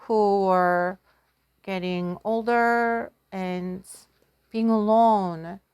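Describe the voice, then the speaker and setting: A woman's voice: mid-range voice, dry recording. A woman, a teacher retelling a folktale in a casual, giggly, self-deprecating way while she draws. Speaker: language teacher. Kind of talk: casual storytelling lesson.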